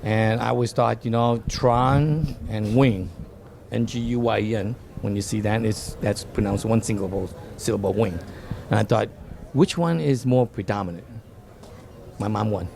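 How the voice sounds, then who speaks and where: Gravelly man. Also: fairly low pitch, moderate pace, a little mellow, a little hiss or hum. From Vietnam. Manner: storytelling, repeats words when starting. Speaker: dental office design guest. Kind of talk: casual interview chat.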